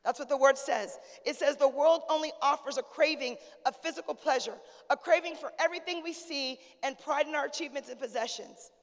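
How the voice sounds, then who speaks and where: In a church sanctuary with long reverb, a woman pastor preaches a conversational, humorous sermon and calls out to the congregation. Her voice sits high, moving fairly quickly with few pauses.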